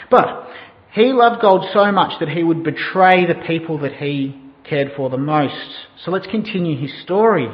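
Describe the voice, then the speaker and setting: A man preaching a sermon who tells a story and asks the listeners questions. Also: high voice. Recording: dull sound in a reverberant hall.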